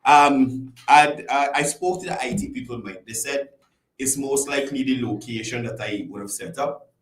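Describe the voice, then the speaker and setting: On his casual commentary show, styled like a call-in program, a man greets viewers by name and chats with a lively, undulating delivery. His voice is medium in pitch and normal in speed, and the room sounds echoey.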